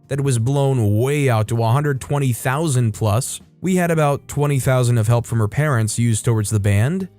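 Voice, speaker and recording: A man's voice: mid-range voice, darkish tone. A man hosting a channel, reading stories aloud in a casual, conversational way and adding his own commentary. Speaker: host and reader of online stories.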